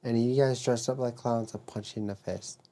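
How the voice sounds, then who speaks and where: A man's voice: mid-range voice, steady tone, brisk, dark tone. A man who is a guest on a podcast, chatting casually with blunt, jokey, mock-dramatic complaints. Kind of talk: casual chat.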